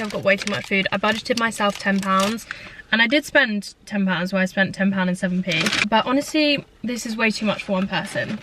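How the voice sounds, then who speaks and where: A young woman talks casually to her viewers from inside a parked car. She chats as she eats, in an easy, rambling way, at an average pitch. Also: noisy background. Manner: chatty, eating while talking. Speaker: YouTuber. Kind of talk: casual chat to camera.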